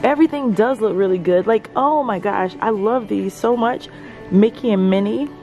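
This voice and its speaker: A woman's voice: medium pitch, moderate pace, faint music behind. Gushing woman shopping in a store. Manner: gushing, excitable, addresses viewers as y'all. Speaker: vlogger. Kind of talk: shopping vlog narration. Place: large store indoors.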